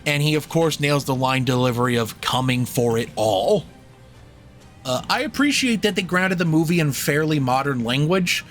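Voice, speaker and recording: A man's voice: fairly high pitch, animated, brisk, few pauses, a bit bright, faint music behind. A young man co-hosting a film podcast, talking in a rambling, jokey, profane way. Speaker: podcast co-host reviewing a film. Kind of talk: casual chat.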